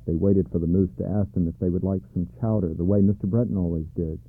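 Male storybook narrator, calm and measured, lowish voice, dry thin phone-like sound. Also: breathy edge, dry recording. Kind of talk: storybook reading. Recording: dry tinny narrow-band sound.

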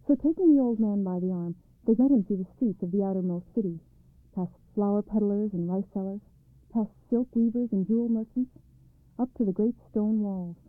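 A woman narrating a storybook in a calm, measured read-aloud way, on a tinny recording. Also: mid-range voice, no room sound. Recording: dry, tinny phone-like sound.

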